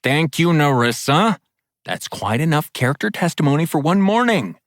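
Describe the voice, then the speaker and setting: A man's voice: medium pitch, fairly quick, creaky, fairly bright tone, no echo, voice pushed up. A man voicing a wry, amused young male monster hunter in an audiobook. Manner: dry, amused. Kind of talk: audiobook character voice.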